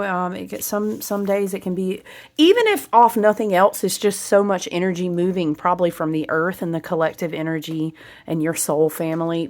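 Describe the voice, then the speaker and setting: A woman doing a casual oracle card reading, chatty and laughing often as she reads card text aloud and talks to her viewers. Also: fairly low pitch. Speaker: spiritual card reader.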